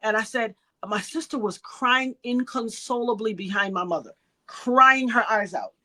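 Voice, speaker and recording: A woman's voice: a little high, moderate pace, sharp tone. A middle-aged woman from New York giving an emotional personal account in an interview, acting out the voices of the people in her story. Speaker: interview guest.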